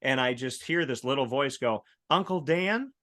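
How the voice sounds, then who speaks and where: A man hosting a casual chat show, telling stories in a lively way and acting out the voices of the people in them. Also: mid-range voice, moderate pace. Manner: animated storyteller, acts out quoted voices. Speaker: host.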